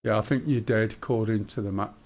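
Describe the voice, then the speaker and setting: A man hosting a live flight simulator stream. He chats casually, calls out threats to his teammate, teases, and often pauses on fillers. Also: fairly low pitch, steady tone, darkish tone. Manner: chatty, teasing, with hesitant fillers. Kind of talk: casual live-stream chat while calling out targets.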